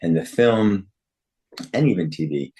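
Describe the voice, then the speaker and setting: Very low-voiced man, animated guest. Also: measured pace. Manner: animated, self-correcting, laughs often. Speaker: guest actor. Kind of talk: remote interview.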